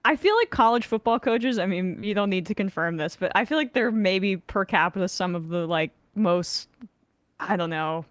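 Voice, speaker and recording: A woman hosts a sports podcast and chats casually, often searching for her words. Her voice sits at a middle pitch. The sound is dry and close. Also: lively intonation, normal speed, no room sound. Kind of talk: casual interview chat.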